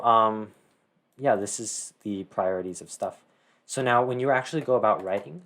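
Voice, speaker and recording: A teenage boy casually talking through a screen-share tutorial, rambling with many fillers and self-corrections. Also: on the low side. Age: teens. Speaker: tutorial host.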